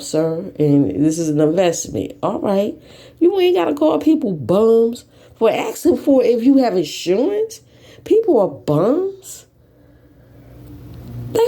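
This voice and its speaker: A woman rants bluntly and profanely in YouTube commentary. Her voice is gravelly and mellow, and its pitch swings widely between low mutters and sharp high bursts. She records at home, with faint noise behind her. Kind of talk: ranting commentary.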